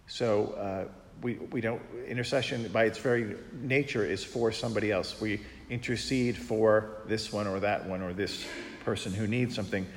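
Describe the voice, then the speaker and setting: A man, a Catholic priest, giving a conversational teaching talk on prayer and telling anecdotes. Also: medium pitch. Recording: long reverb in a large hall.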